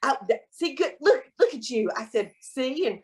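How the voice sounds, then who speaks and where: Brief: middle-aged woman, expressive interview guest. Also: high-pitched, normal speed. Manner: animated storyteller, quotes people in voices. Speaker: guest, soap maker. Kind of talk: casual interview chat.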